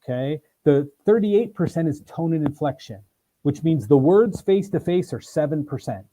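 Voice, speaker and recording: Energetic man teaching on a video call. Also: on the high side, moderate pace, poor audio. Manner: energetic, emphatic, acts out examples in voices. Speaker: sales trainer. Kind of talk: interview guest, animated teaching.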